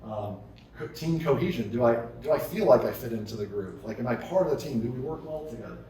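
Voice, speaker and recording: Fast-talking male speaker in an echoey hall. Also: mid-range voice, a little hiss or hum. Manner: energetic storytelling with rhetorical questions. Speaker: keynote speaker. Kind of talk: live presentation to an audience. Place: large conference hall. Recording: echoey hall, distant mic.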